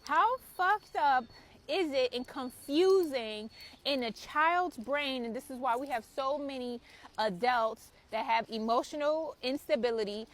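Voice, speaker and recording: Woman, higher-pitched, fiery spiritual mother with a preachy tone, swears freely. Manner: preachy and emphatic, swears freely, asks rhetorical questions. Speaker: spiritual content creator and mother. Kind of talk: impassioned spiritual message to camera.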